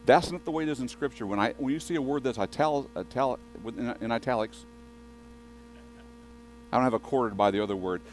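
A man's voice: medium pitch, a little fast, faint music behind, rough recording. A male pastor preaching a sermon in a conversational way, often restarting his sentences and turning to the congregation with asides.

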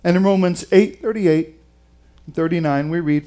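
Preaching at a normal speed in a voice on the high side, a man reads from scripture and then retells it. His delivery is dramatic and emphatic, with wide swings in volume.

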